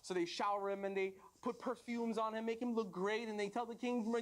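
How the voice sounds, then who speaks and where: A man, a rabbi, telling a parable in a lively, joking lecture to youth. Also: sits high, fairly quick, slight background noise. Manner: joking, animated. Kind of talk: animated storytelling lecture.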